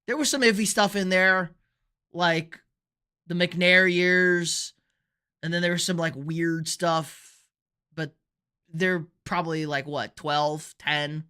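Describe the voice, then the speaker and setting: Casual bright-voiced man talking football picks. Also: fairly high pitch, fairly even intonation, slow pace, pauses often, clean tone. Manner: casual, rambling, reads and answers viewer chat. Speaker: sports show host. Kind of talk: live-stream sports picks chat.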